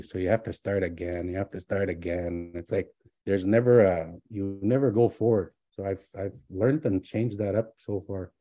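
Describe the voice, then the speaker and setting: Fairly low and warm, the voice belongs to a middle-aged language teacher and doctoral student, recorded dry. He casually recounts his own story in a rambling fashion, with frequent restarts and words from another language woven in.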